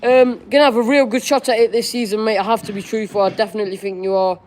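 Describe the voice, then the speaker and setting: Chatty young man with a high voice. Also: steady tone, fast. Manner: chatty, candid, casual slang. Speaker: football fan streamer. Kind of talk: live-stream Q&A, reading chat questions aloud.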